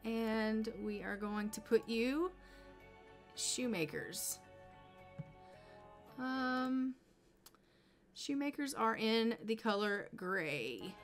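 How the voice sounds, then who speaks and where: Woman streamer, unhurried gameplay chatter, slightly high voice. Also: animated, soft background music. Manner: chatty, talks to her game characters. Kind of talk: casual gameplay commentary.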